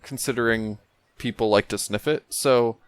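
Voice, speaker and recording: A man's voice: mid-range voice, steady tone, moderate pace, clear, resonant tone, no echo. A man co-hosting a podcast, telling blunt, crude jokes and stories. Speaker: podcast co-host. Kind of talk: crude comedic banter.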